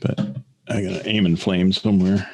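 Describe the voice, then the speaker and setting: A man co-hosting a podcast in casual chat, rambling and halting, laughing often. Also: low-pitched, level tone, a little mellow, breathy edge. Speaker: podcast co-host.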